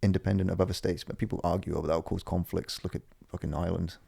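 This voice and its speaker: A man's voice: low-pitched, level tone, racing, gravelly, mellow, husky. A man co-hosting a podcast, telling rambling stories in casual chat and swearing a lot. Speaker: podcast co-host.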